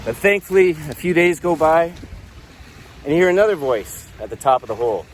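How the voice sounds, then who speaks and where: A man telling a story in a low-key, soft-spoken way while out on a walk by a lake. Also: lively intonation, brisk, slight background noise, low-quality recording. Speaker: peer support vlogger. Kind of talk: storytelling to camera. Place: outdoors by a lake.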